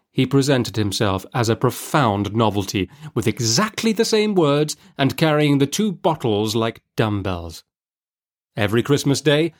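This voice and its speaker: A man reading a classic novel aloud in a measured, expressive storybook narration. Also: medium pitch. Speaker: audiobook reader.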